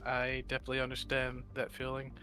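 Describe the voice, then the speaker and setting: A man playing his character in a tabletop game, speaking hesitantly with pauses and fillers. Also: medium pitch, monotone, sharp tone, soft background music. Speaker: player.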